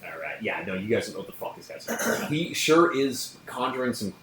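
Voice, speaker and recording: A man's voice: mid-range voice, very animated, fast, background noise. A man narrating a tabletop game as game master, casual and laughing often, in an echoey room.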